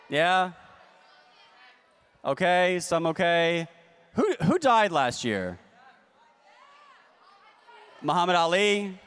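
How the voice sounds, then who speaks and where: A man doing a stand-up comedy set, with a deadpan, ironic delivery and playful asides to the crowd. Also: high-pitched, drawn-out words, long pauses, clear, resonant tone. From United States. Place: large convention hall stage. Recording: long hall reverb.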